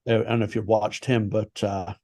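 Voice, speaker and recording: A man, a tattoo artist, chatting casually and swearing often, with halting restarts. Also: fairly low pitch, level tone, darkish tone, dry recording. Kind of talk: casual podcast chat.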